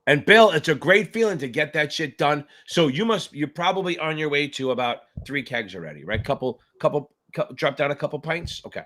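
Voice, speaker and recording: A man's voice: fairly high pitch, lively intonation, fairly quick, few pauses, a bit bright. Joking, profane male exam tutor. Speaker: exam tutor hosting a live Q&A. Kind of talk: casual live-stream chat.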